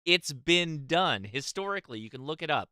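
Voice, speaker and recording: Animated, bright-voiced male show host. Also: on the high side, moderate pace, clear, resonant tone, dry recording, studio quality. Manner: animated, emphatic, swears. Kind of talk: casual panel discussion.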